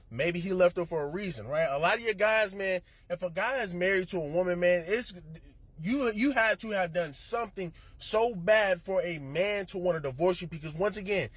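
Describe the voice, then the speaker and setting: A man's voice: high voice, fairly quick, fairly bright tone, no echo. A man hosting an opinionated reaction commentary, preaching emphatically straight to his viewers. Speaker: commentary show host.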